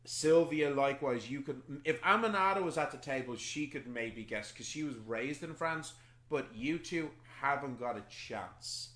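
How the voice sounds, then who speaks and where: A man's voice: mid-range voice, moderate pace, a bit bright, roomy sound. A man running a tabletop game as game master, explanatory and chatty.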